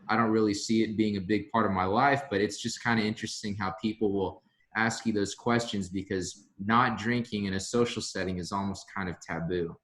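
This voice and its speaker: A man hosting a podcast interview, relaxed and reflective with many fillers. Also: on the low side, brisk. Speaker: podcast host. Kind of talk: casual interview chat.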